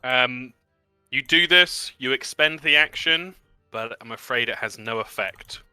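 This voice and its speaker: Male game master, upbeat narrator, smooth resonant tone, faint music behind. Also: mid-range voice, measured pace, no echo. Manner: lively, upbeat narration with rule explanations. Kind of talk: narrating and running a tabletop game.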